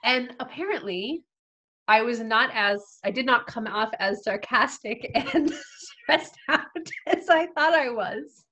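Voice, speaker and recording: A woman guest telling a story in a casual chat, lively and acting out what people said. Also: on the high side, slow. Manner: lively, acts out quoted people, frequent "like" fillers.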